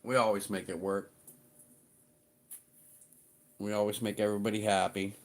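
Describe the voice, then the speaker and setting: Greeting the people watching his stream, a middle-aged host chats and rambles with some light swearing. His voice is fairly low and flat, and he keeps a moderate pace.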